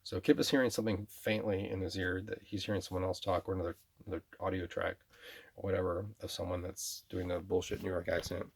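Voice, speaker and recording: A man's voice: low-pitched, steady tone, quick pace, creaky, slightly rough. A man vlogging in a rambling monologue, full of restarts and repeated words.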